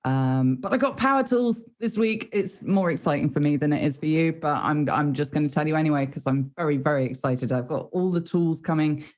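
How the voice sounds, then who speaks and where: A woman talking casually and excitedly about her week after a tabletop game session, swearing freely. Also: sits low, fairly quick, few pauses. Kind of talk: casual chat.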